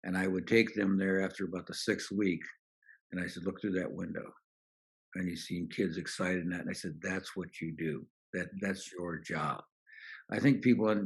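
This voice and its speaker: A man's voice: deep voice, husky. An older man, a guest on a podcast, telling anecdotes in an interview and acting out the lines of people he quotes. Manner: anecdotal, relaxed, acts out quoted dialogue. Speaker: podcast guest, business author. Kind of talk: storytelling interview answers.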